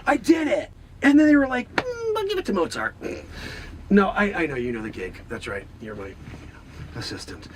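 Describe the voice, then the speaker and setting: A man's voice: high voice, huge pitch swings, moderate pace, background noise. A man playing a boastful, melodramatic time-traveling man who rants in exasperation in an improvised comedy sketch. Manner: exasperated rants, shouting, frequent exclamations.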